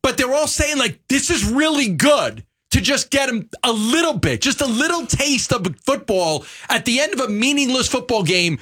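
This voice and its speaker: A man's voice: very high-pitched, very animated, normal speed, hardly any pauses, pushed and bright, slightly rough. A man with a New York accent co-hosting a sports radio show, talking in a rambling, restart-filled way. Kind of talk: casual sports talk. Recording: radio studio mic.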